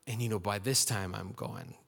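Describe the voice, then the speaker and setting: A man's voice: lowish voice, lively intonation, moderate pace, vocal fry, a bit bright. A man preaching a sermon in a conversational, storytelling way, acting out quotes in his stories. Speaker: pastor.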